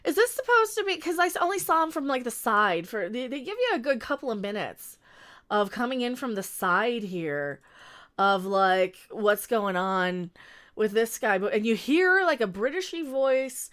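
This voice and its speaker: A woman hosting a casual recap stream, animated and sarcastic, laughing often. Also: a little high, normal speed. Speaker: show recap host. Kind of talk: casual livestream recap chat.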